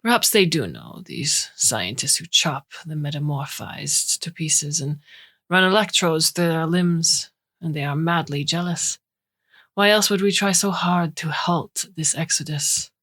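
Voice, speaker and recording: A smooth, philosophical older man with a faint Romanian accent, read by a woman. He speaks slowly and in measured phrases, with a low tone. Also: fairly bright tone, heavily acted. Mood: musing.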